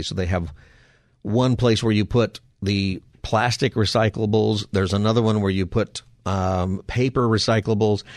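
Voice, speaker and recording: A male radio talk show host with a low voice, recorded dry and close in a studio. He rambles easily from topic to topic, dropping wry, folksy asides as he goes. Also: darkish tone, no echo. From Southern California.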